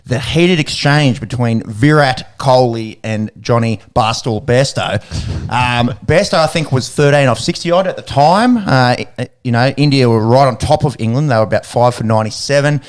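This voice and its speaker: A man's voice: mid-range voice, normal speed, hardly any pauses, clean tone. An Australian man co-hosting a sports podcast, talking casually and jokily with plenty of fillers. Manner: chatty, jokey, lots of fillers. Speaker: podcast co-host. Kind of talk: casual chat.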